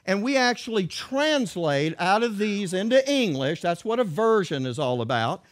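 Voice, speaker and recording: A man's voice: high-pitched, sing-song, normal speed. A man preaching a sermon in an emphatic way, reading verses aloud and repeating key words with rhetorical questions.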